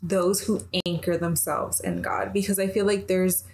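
Female guest, earnest and reflective, halting delivery with frequent fillers. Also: fairly low pitch, steady tone, a little mellow. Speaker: podcast guest. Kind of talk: casual faith chat.

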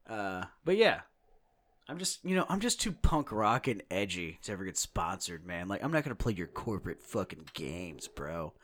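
Lively, joking male podcast co-host. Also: low voice, moderate pace. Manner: swearing, joking, animated. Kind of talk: casual chat.

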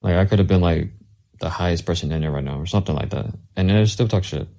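Guest voice, man, low and dark, relaxed chat with heavy filler words. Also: fast talker. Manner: laid-back, many fillers like "like". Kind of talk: casual chat.

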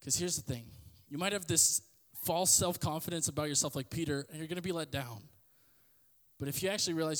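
A man preaching in a relaxed, conversational way, slipping into animated voices when he quotes others. His voice sits a little high for a man. A long reverb trails each phrase. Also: a little fast. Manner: conversational, acts out quotes with shifting pitch. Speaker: podcast host preaching. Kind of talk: casual sermon.

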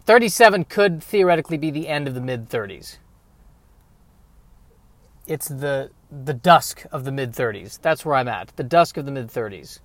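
A man's voice: medium pitch, animated, normal speed, fairly bright tone, no room sound. A man in his thirties hosting a podcast, rambling through a self-deprecating comedic monologue. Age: 30s. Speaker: podcast host.

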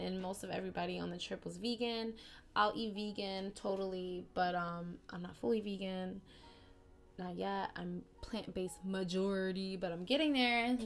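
A woman hosting a spiritual podcast, talking in a casual, slangy, animated way that swings between excited outbursts and softer, quieter stretches. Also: mid-range voice. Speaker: podcast host.

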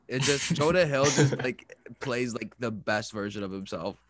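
A young man chatting casually, relaxed and laughing as he retells scenes. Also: medium pitch, moderate pace, no echo. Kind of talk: casual chat.

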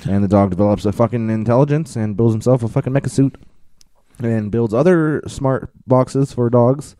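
A man's voice: medium pitch, normal speed, dark tone, dry recording. A man co-hosting a casual podcast, retelling scenes in a rambling way full of fillers and swearing. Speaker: podcast co-host. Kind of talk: casual chat.

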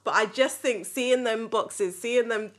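A woman hosting a podcast, telling family stories in a lively, laughing way. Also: on the high side, unhurried. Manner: lively, laughing, animated retelling. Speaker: podcast host. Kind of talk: casual storytelling chat.

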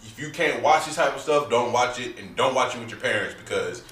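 A man's voice: mid-range voice, lively intonation, fairly quick, a bit bright. A man hosting a casual chat, talking in a loose, joking, slangy way. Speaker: podcast host. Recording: roomy, distant mic with faint hiss.

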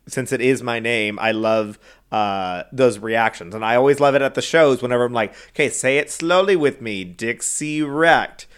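A man's voice: mid-range voice, a bit bright. A young man co-hosting a podcast in casual chat, rambling with lots of restarts and frequent laughter. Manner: giggly, rambling, many fillers and restarts. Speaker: podcast co-host.

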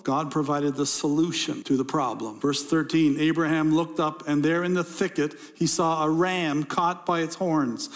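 A man's voice: fairly high pitch, fairly bright tone. A male pastor preaching a sermon, reading scripture and repeating key lines for emphasis.

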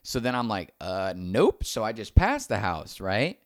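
A man's voice: on the low side, measured pace, no room sound, clean studio sound. A man casually telling a long anecdote, acting out the other people's lines as he goes. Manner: animated, acts out quoted dialogue.

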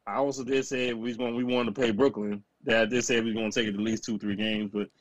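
A man co-hosting a casual sports podcast, ranting and self-mocking in animated bursts. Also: mid-range voice, fast talker, no room sound. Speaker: podcast co-host.

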